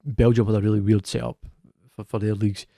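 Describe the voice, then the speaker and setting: A man's voice: on the low side, flat delivery, vocal fry, warm tone, no room sound, clean studio sound. A man co-hosting a football podcast in a casual, chatty way, often restarting his sentences. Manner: chatty, self-correcting, quick laughs. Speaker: podcast co-host. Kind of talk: casual chat.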